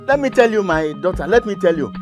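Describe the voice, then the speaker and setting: A man's voice: sits high, animated, quick pace. An actor with a Nigerian accent playing a father who soothes his pregnant daughter and then confronts the man responsible. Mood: soothing. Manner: pleading, tender then angry on phone. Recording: film soundtrack with loud music.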